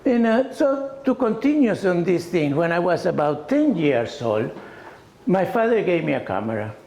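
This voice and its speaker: At a small arts gallery, an older man born in Argentina gives a storytelling talk about his photographs in a high-pitched voice at normal speed. He speaks with non-native grammar, lively anecdotes, and plenty of "you know", in an echoey room with faint background noise.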